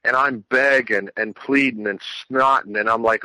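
Man, bright tone, dry close mic, earnest testimony with lots of restarts. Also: mid-range voice, fairly even intonation, moderate pace, no room sound, low-quality recording. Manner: earnest, rambling, many restarts. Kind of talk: personal religious testimony.

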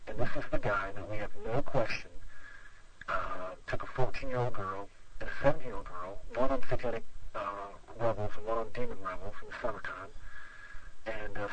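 A man with a lowish voice, captured on a low-quality recording. He's a pastor telling a long story during an interview, rambling and dropping lots of "you know" fillers.

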